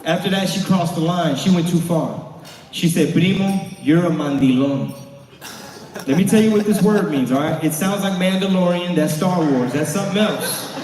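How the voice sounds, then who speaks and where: Man, stand-up comedy, animated storytelling, booming hall reverb, live audience. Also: brisk. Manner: animated, acts out other people's voices. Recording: echoey hall, far from mic, crowd. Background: audience laughing.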